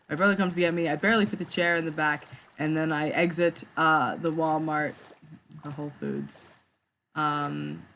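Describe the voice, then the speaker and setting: A woman's voice: low-pitched, fairly bright tone, slight background noise. A young woman rambling through a story while playing a game, stammering, restarting and swearing. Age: young adult. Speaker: gaming vlogger. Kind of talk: rambling let's-play storytelling.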